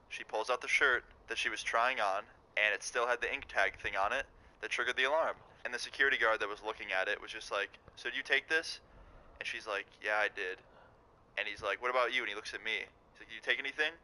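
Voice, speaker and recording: A young man casually telling a story to camera, profane and animated. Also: medium pitch, low-quality recording. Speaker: vlogger.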